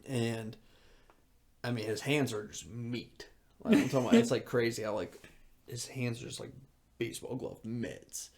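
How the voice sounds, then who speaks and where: A man in his twenties co-hosting a podcast, rambling excitably in casual chat full of filler words. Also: mid-range voice, normal speed, pauses often. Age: 20s. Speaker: podcast co-host.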